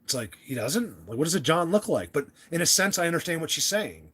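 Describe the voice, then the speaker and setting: A man's voice: on the high side, sing-song, brisk, a bit bright, husky. A young American man hosting a casual livestream chat, rambling and restarting his sentences as he talks to viewers. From United States. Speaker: livestream host.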